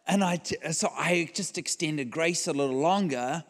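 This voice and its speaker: A man's voice: a little high, moderate pace. A man preaching a storytelling sermon at a church event, acting out the dialogue of the people in his story. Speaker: guest preacher. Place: large church hall. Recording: long hall reverb.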